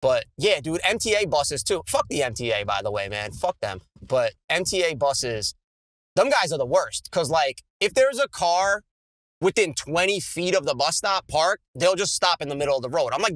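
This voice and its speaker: A man's voice: on the high side, moderate pace, no room sound. A man co-hosting a podcast, ranting in casual chat with a lot of swearing. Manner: animated, profane ranting. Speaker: podcast co-host. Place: New York City.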